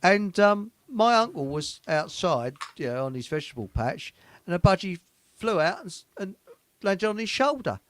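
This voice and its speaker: A man's voice: high-pitched, very animated, normal speed. A man hosting a casual chat, telling rambling funny anecdotes and often breaking into giggles. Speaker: show host.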